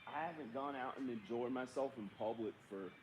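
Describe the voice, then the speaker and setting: A man's voice: medium pitch, brisk, background noise. A man talking to himself as he films a casual vlog outside his house and in his car. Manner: rambling, talking to himself, giggly. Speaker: vlogger. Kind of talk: casual self-talk vlog. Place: outdoors near his house, then in his car.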